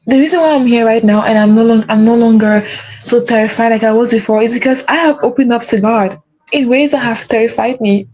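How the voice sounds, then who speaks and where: Earnest, warm, high-voiced woman coaching faith. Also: a little fast, low-quality recording. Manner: earnest, repeats phrases for emphasis. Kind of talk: earnest spiritual pep talk to camera.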